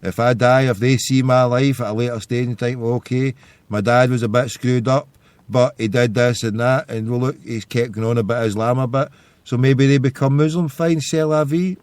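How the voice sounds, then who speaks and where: A man's voice: medium pitch, steady tone, moderate pace, darkish tone, clear, resonant tone, no room sound. A man, hosting a podcast and telling stories in a loose, rambling monologue. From Scotland. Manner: rambling storytelling. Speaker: podcast host. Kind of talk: casual monologue.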